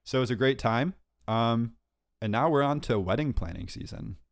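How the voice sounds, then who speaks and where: A young man co-hosting a podcast, telling a story in a lively, self-mocking way and laughing often. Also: mid-range voice, moderate pace, dry recording, clean studio sound. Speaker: podcast co-host. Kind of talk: casual chat, storytelling.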